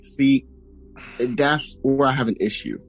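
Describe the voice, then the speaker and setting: A man's voice: medium pitch, slow, slightly rough, soft background music, low-quality recording. A man co-hosting a podcast, chatting casually and making his points emphatically. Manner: emphatic, reacts with short exclamations. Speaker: podcast co-host.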